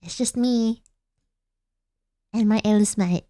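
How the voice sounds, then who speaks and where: A woman's voice: medium pitch, unhurried, pauses often, dark tone, dry recording. Giggly young woman from Australia, dry sound. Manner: playful, giggly, rambling. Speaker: vtuber streamer. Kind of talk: casual late-night chat.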